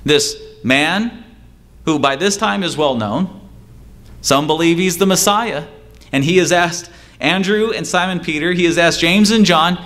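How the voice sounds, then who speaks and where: A pastor preaching a sermon, driving home points with repetition and rhetorical questions, sometimes mimicking excuse-makers. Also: male voice, lively intonation, a bit bright. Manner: acts out excuse-makers in a higher, quicker voice.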